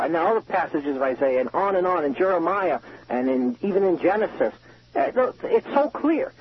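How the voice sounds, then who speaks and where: A man's voice: a little high, slight background noise. A man calling in from a prison payphone, giving an earnest, emotional testimony with frequent restarts. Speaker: caller, prison inmate. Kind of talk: personal testimony by phone. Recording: muffled payphone line.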